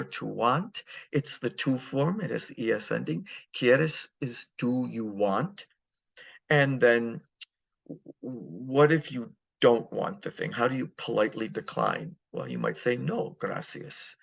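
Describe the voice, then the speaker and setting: A man teaching a Spanish lesson, going over phrases patiently and repeating them slowly, with many fillers. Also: mid-range voice, expressive, creaky, a bit bright, breathy edge. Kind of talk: recorded online lesson walkthrough.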